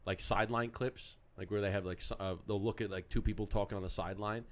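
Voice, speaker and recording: A man's voice: on the low side, quick pace. A man co-hosting a casual podcast chat, telling stories with lots of swearing and acting out the quotes. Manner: animated storyteller, swears freely, acts out quotes. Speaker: podcast co-host.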